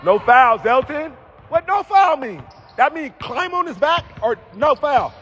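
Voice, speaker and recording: A man coaching a youth basketball team from the sideline, calling out loud encouragement and repeating himself. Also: very high voice, very animated, measured pace, highs cut off, slight background noise. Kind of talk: courtside coaching shouts.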